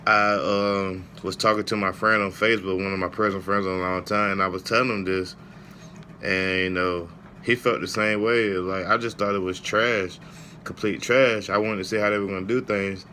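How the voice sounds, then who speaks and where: Rambling man with a bright, forceful voice. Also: sits low, little pitch movement, normal speed, a little hiss or hum. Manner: rambling, heartfelt, frequent "man" and "you know". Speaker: wrestling show reviewer. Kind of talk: casual spoken review.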